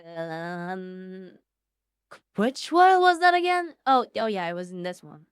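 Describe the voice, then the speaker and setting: A woman streaming casually, excitable and foul-mouthed, swinging between loud outbursts and low mumbling. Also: slow, smooth, dry recording, studio quality. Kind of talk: casual livestream chat.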